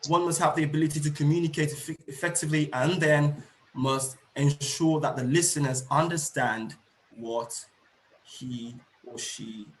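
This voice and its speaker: A middle-aged man leads an online seminar for teachers. He explains each point, then restates it, often pausing on fillers. His voice sits a bit high and sounds roomy through a computer mic. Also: steady tone, slight background noise. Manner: explanatory, repeats and rephrases points, frequent fillers. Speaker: teacher trainer presenting a webinar.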